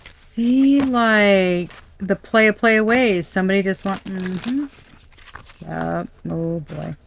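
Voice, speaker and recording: A woman's voice: medium pitch, slow pace, gravelly, slight background noise. A young adult woman doing a casual tarot reading, chatty and blunt, swearing and laughing often. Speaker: tarot reader.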